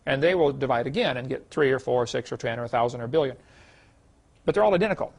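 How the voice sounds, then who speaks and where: Mid-range and creaky, his voice moves at a quick pace with lively intonation. He's a middle-aged creation seminar speaker in a lecture hall, folksy and amused by his own stories.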